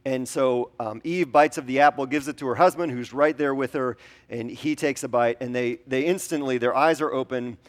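A man's voice: mid-range voice, normal speed. A male pastor giving a conversational sermon, with frequent ums and rhetorical questions to the congregation.

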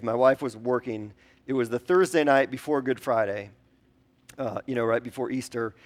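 Male pastor, conversational sermon delivery, rhetorical questions to the congregation, casual filler words. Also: mid-range voice.

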